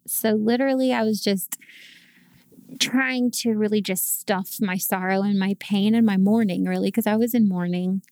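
A woman's voice: mid-range voice, gravelly, a little mellow, no echo, clean studio sound. A woman guest telling her faith story in a casual podcast chat, earnest and emotional.

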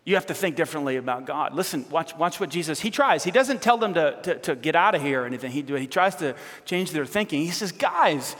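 A man preaching a sermon as pastor, animated and conversational with a teasing edge. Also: fairly high pitch, quick pace, few pauses. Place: church. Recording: reverberant church hall.

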